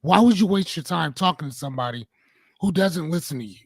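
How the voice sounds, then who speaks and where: A man in his forties chats on a podcast, his voice sitting a little high for a man. He tells a story in a relaxed, rambling way, pausing to find his words. The sound is dry and close, with no room around it. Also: gravelly, no echo. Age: 40s. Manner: relaxed storyteller, paraphrasing a fable with hesitations. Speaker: podcast co-host. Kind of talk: casual chat.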